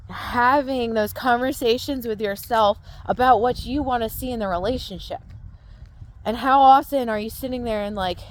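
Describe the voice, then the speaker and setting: A woman mindset coach talking casually to her viewers, explaining step by step and often checking in with "right?". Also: on the high side. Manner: conversational, explaining with frequent "right?" check-ins. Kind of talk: casual talk to camera.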